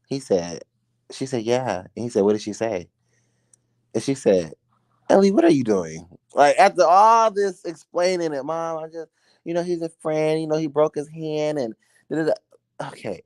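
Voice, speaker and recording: A man's voice: fairly low pitch, darkish tone, no echo, clean studio sound. A man hosting a live stream, giving blunt, profane, heated commentary in casual chat.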